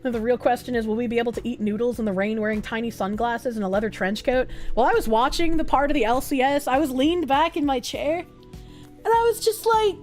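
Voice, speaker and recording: A woman's voice: on the high side, quick pace, hardly any pauses, a little mellow, faint music behind. A woman streamer chatting casually and reading viewer comments, rambling and joking, often laughing and swearing.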